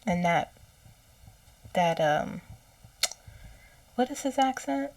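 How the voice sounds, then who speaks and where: Halting woman recounting messages, slightly distant. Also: on the low side, lively intonation, a little mellow, no room sound. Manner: halting, with many fillers and quoted speech. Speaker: psychic channeler. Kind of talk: casual spoken recounting of a channeled message.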